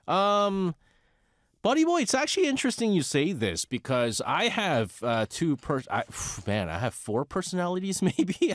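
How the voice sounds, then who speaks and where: A radio host in his forties with a New York accent talks casually with a listener. His delivery swings up and down in pitch, and he often laughs and restarts his sentences. The sound is dry and close. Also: no room sound. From United States. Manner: animated, chatty, laughs often, self-correcting. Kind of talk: casual radio talk, answering a listener letter.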